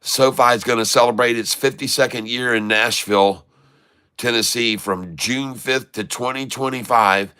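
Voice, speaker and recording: A man's voice: medium pitch, moderate pace, bright, forceful tone, clean tone. A man from the United States hosting a casual stock market livestream, joking and folksy, often calling his viewers folks.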